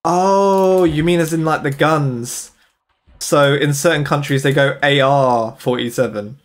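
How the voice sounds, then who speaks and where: A man's voice: a little high, steady tone, measured pace. A young British man from the UK, chatting casually with his viewers while he plays a game, laughing often and answering their comments. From United Kingdom. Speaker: streamer. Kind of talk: casual chat while gaming.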